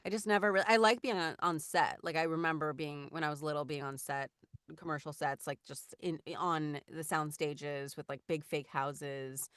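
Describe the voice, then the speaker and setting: A woman's voice: low voice, fairly even intonation, normal speed, fairly bright tone, clean tone, no room sound, studio quality. A woman in her thirties, a voice actor, chatting casually in an interview with many fillers and restarts. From Los Angeles. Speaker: voice actor guest.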